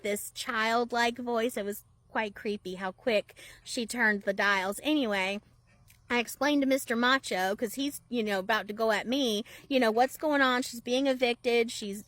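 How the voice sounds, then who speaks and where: A woman telling a story in a casual, animated, chatty way, often laughing. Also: on the high side, no echo. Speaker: storyteller, process server.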